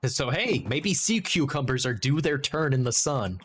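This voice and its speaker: A man's voice: mid-range voice, very animated, normal speed, a bit bright, slightly rough. A man streaming a game and chatting casually, rambling and joking as he interrupts himself. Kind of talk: casual livestream chat while gaming.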